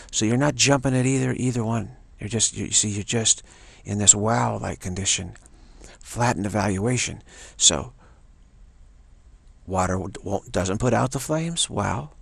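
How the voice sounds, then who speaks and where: A man in the role of a spiritual teacher gives a meditative dharma talk. His low voice is heavily gravelly with a husky grain. He talks slowly and repetitively, restarting phrases and returning to a chanted "wow.". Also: no room sound.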